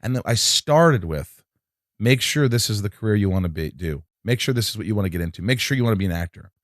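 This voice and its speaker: A man's voice: lowish voice, lively intonation, quick pace, dry recording, studio quality. A man, an actor, telling a long story in casual chat, acting out quotes and swearing freely. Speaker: actor guest.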